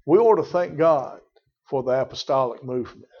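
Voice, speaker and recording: A man's voice: mid-range voice, lively intonation, moderate pace. A man preaching a sermon, emphatic and repetitive, calling on congregation members by name. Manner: emphatic, repeats phrases, addresses congregation by name. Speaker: pastor. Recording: muffled lo-fi church recording.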